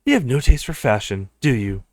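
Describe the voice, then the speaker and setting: A man's voice: medium pitch, big pitch swings, fairly quick, darkish tone, dry recording, lightly acted. A snooty young man from a visual novel who brushes people off with short, cutting remarks, played by a man. His voice leaps up and down with wide swings, recorded dry and close with no room sound. The delivery stays scornful and clipped. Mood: snide. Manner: curt and dismissive. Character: snobbish young man who mocks others' fashion.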